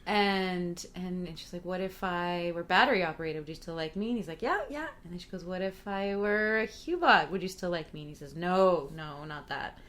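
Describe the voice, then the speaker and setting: A woman co-hosts a podcast, chatting casually and laughing often as she recaps scenes from a TV show. Her voice is fairly low and fairly bright, and she talks a little fast with hardly any pauses.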